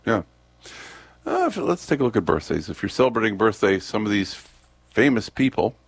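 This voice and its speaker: Hosting a radio show, a man reads off the day's trivia in a fairly low, sing-song voice with vocal fry and slight roughness, moving briskly with no room sound. He rambles casually, frequently loses track, and plugs pauses with ums and uhs.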